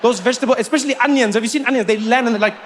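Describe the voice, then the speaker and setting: A South African man doing stand-up, with a notably high speaking voice. He tells stories with lively comic repetition, drawing out each punchline. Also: rapid-fire, noisy background. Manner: animated storytelling, comic repetition. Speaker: stand-up comedian. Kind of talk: stand-up comedy routine.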